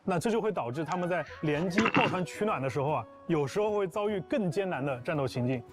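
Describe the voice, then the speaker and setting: A man's voice: fairly high pitch, lively intonation, fast talker. A man presenting on a livestream as a game developer, polished and explanatory. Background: background music.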